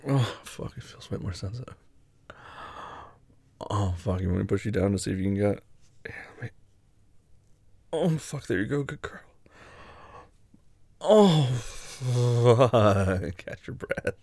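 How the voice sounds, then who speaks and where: A young man in intimate audio role-play, talking in a low murmur that often drops to a breathy whisper, close to the mic. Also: animated, moderate pace, long pauses, darkish tone, no room sound. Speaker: adult audio performer.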